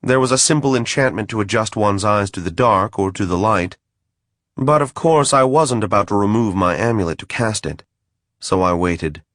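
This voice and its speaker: A man's voice: on the low side, normal speed, a bit bright, no room sound. A man reading a first-person fantasy audiobook in a dry, wry manner. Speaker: audiobook narrator.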